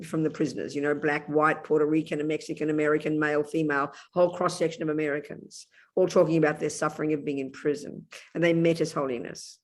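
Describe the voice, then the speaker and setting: Emphatic Buddhist nun teaching over a call. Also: female voice, low-pitched. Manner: emphatic, intimate, calls listeners darling. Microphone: video call.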